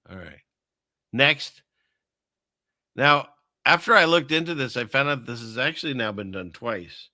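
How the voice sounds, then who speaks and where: A man's voice: lowish voice, creaky, pushed and bright, dry recording, studio quality. A man hosting his own show, rambling through casual commentary with many fillers and restarts. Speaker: show host.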